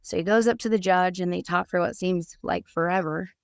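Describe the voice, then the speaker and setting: A woman with a somewhat low, smooth, clear voice shares her own life story as a podcast guest. She is earnest and open, and she vividly acts out the conversations she remembers. The sound is close and dry, with no room echo. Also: a little fast. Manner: vivid storyteller who acts out quoted dialogue; earnest and candid. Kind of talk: personal storytelling.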